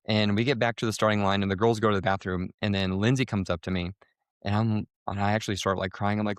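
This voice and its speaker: A man co-hosting a podcast, telling a race story casually, with lively jumps in pitch when he quotes people. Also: fast talker, dry recording, studio quality. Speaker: podcast co-host.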